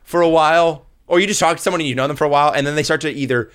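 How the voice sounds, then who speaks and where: A man's voice: fairly high pitch, rapid-fire, fairly bright tone, clear, resonant tone. A young man from Canada co-hosting a podcast, rambling and hesitant, swearing casually. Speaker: podcast co-host. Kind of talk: casual chat.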